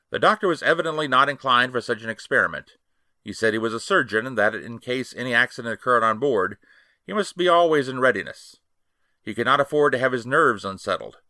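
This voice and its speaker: A man giving a measured, expressive first-person reading of a classic ghost story as a podcast host. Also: mid-range voice, no echo, studio quality.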